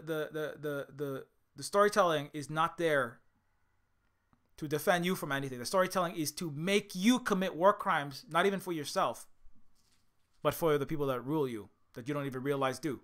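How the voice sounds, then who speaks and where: Man, high pitch, heated rant, repeats himself, restarts sentences. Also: fairly bright tone. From Hawaii. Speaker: video essayist. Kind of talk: unscripted monologue.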